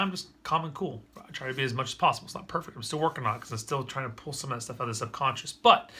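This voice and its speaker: A man's voice: medium pitch, bright, forceful tone. A man talking to the camera in a casual vlog about his parenting. He tells the story earnestly and with energy, and often restarts his sentences. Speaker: father vlogging about parenting.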